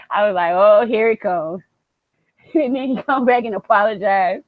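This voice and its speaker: A young woman co-hosting a casual podcast chat, animated, laughing often and swearing freely. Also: medium pitch, slow pace, long pauses, no room sound, phone-quality sound. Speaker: podcast co-host.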